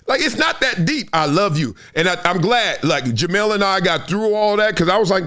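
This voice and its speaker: A middle-aged man who once played football hosts a sports talk show, delivering animated solo commentary at normal speed with few pauses. His high, bouncy voice swings in pitch as he argues forcefully but casually, checking in with listeners and stacking "no"s for emphasis.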